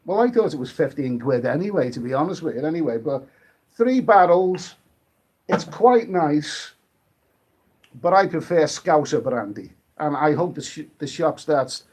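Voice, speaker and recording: A British man chats casually on a late-night live stream, his voice a touch higher than most men's. He rambles and restarts his sentences often. He picks up viewer comments and reads them aloud as he goes.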